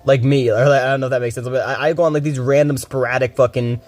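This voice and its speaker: Fast-talking, profane male streamer. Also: mid-range voice, fairly even intonation, a little mellow. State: groggy from little sleep. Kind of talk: casual rambling commentary.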